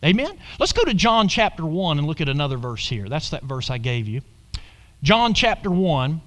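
A man preaching an animated sermon who keeps asking his listeners questions and calling out "Amen?". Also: fairly high pitch, moderate pace.

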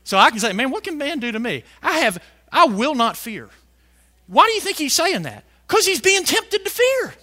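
A male preacher delivering a fiery sermon, shouting some lines and stretching words out slowly for emphasis. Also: extremely high pitch, big pitch swings. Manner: fiery, shouting emphasis with big swings in loudness.

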